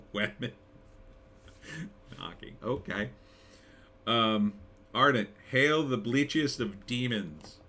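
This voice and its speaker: A man's voice: on the low side, fairly bright tone. A middle-aged man hosting a casual live stream, rambling and chuckling as he reads viewer comments aloud. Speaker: live stream host reading chat.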